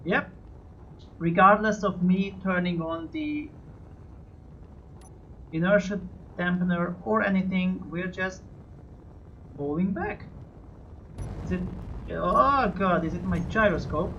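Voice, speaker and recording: A let's-play host talks through a tense flight at a middling pitch, narrating every reading and muttering to themselves. The lo-fi mic sounds dull and muffled. A loud spaceship engine drones behind the voice. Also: slow pace, pauses often, slight background noise. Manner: talks to self, narrates each moment, swears and yelps when things go wrong. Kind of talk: live gameplay commentary.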